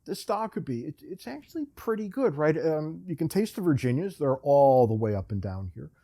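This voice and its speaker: A man's voice: a little high, sing-song, normal speed, dark tone. A man hosting a podcast, telling a rambling, self-deprecating story in a casual, wry way. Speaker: podcast host.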